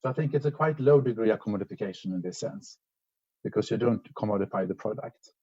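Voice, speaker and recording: A man's voice: lowish voice, a little mellow, dull audio. Man giving an echoey lecture by video. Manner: measured, explanatory, with frequent restarts and hesitations. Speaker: conference speaker. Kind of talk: academic presentation over video link. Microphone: video call.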